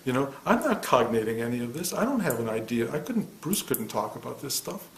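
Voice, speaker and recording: A man in his sixties, a meditation teacher, giving a soft-spoken, reflective spiritual talk in answer to a student. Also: mid-range voice, big pitch swings, brisk, vocal fry, a little hiss or hum. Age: 60s. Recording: echoey room.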